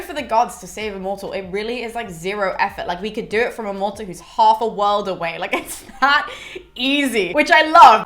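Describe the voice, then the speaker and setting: A woman's voice: medium pitch, a bit bright. A young woman summarizing a classic epic in a casual, gossipy way, with mild swearing. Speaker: literature educator. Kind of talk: casual chatty book summary.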